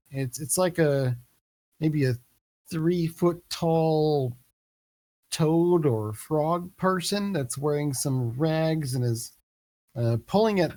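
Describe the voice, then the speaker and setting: A man narrating a tabletop game as game master, relaxed and hesitant with many fillers. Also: on the high side.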